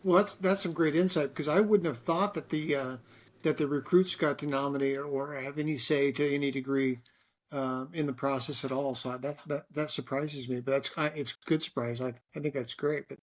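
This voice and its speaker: A man's voice: on the high side, fairly even intonation, a little fast. A middle-aged man hosting an interview, asking long questions with many restarts and fillers. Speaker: host and interviewer.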